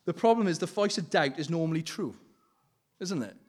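Earnest, slightly high-voiced male preacher. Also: animated, a little fast, a little mellow. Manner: earnest, pleading, with frequent laughter and self-corrections. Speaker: lay preacher. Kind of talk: informal sermon with personal testimony.

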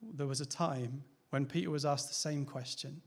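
A man's voice: on the high side, fairly even intonation, moderate pace, gravelly, hardly any pauses, husky. A man, a pastor, preaching a sermon in a candid, conversational way, asking rhetorical questions and laughing lightly now and then.

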